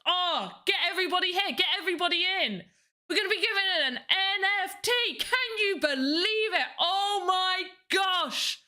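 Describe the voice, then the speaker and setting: A woman putting on a loud, gushing American streamer voice, over-exaggerating the hype as a caricature. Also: very high voice, lively intonation, normal speed, voice pushed up, heavily acted. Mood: hyped. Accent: put-on American.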